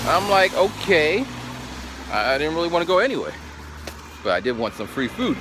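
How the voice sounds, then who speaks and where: A man's voice: fairly high pitch, fairly quick, long pauses, noisy background. A man in his forties tells a story to the camera in a casual way. He acts out what people said and keeps going back to "so then.". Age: 40s. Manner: animated anecdote telling, acts out quotes, repeats "so then". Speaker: vlogger.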